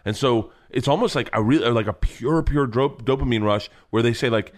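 A comedian guest in casual podcast chat, telling profane, rambling stories with many restarts and stammers. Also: male voice, medium pitch, normal speed.

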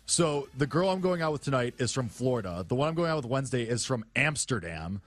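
A man's voice: medium pitch, big pitch swings, brisk. A man with a Chicago accent, co-hosting a podcast in laid-back, self-deprecating casual chat.

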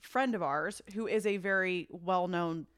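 A woman guesting on a casual podcast, joining in with quick, chatty best-friend banter. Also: fairly low pitch, a bit bright, smooth, no echo, studio quality.

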